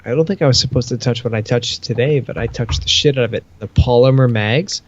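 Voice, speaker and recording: A man's voice: medium pitch, fairly quick, few pauses, dull audio. Rambling, swearing podcast co-host man. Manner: rambling storyteller, swears freely, acts out quoted dialogue. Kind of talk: casual podcast chat.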